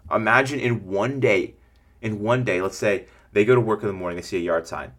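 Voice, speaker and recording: A man hosting a podcast, giving casual business coaching in an energetic, rambling way and acting out what customers would say. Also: lowish voice, brisk. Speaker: podcast host.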